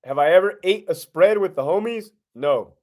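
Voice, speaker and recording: A middle-aged man with a fairly high voice hosts a loose live-stream Q&A, reading out viewers' questions one after another. He answers bluntly, swears freely and slips into streetwise slang, the way a former prison lieutenant talks off the clock. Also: animated, normal speed, darkish tone.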